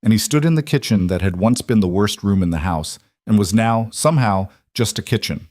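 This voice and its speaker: A man reading a scripted story in a measured, calm manner. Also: lowish voice, no room sound, clean studio sound. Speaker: narrator.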